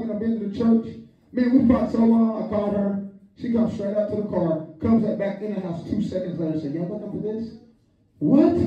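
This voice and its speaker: An older man preaching a lively sermon as pastor, leading call-and-response and joking with the congregation. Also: sits high. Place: church sanctuary. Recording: echoey hall, distant, dull lo-fi.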